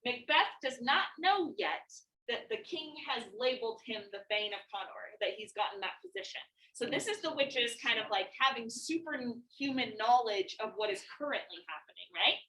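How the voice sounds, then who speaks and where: A woman's voice: a little high, animated, moderate pace, few pauses, bright, forceful tone. Chatty female teacher in echoey classroom. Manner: casual and chatty, with frequent like and you know. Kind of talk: classroom explanation. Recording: far-off mic in echoey classroom.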